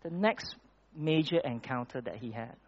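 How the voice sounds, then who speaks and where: A man delivers a sermon at a middle pitch in a relaxed, conversational way, stumbling and restarting now and then. The recording is dull and lo-fi, with muffled highs. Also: normal speed. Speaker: preacher. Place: church hall with projected slides.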